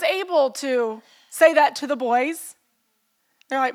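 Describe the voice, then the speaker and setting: A woman's voice: high-pitched, normal speed. A middle-aged woman pastor preaching a sermon in an earnest, personal way, telling stories and asking the listeners questions.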